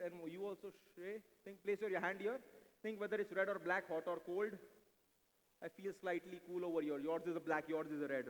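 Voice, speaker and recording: Male mentalist, playful stage patter, rapid delivery, handheld mic in a reverberant hall. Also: sits high, fairly bright tone. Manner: brisk and playful, mixing English with Hindi, coaxing volunteers. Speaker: stage mentalist performing card tricks. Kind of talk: live stage mentalism act with audience volunteers. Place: large event hall. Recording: live hall recording with long reverb.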